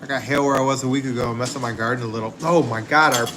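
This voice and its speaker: A man's voice: medium pitch, steady tone, rapid-fire, over a noisy crowd. A man hosting a casual livestream, rambling easily and chatting with viewers while he cooks outdoors at home. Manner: easygoing, rambling, laughs easily. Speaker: livestream host. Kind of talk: casual livestream chat, reading viewer comments.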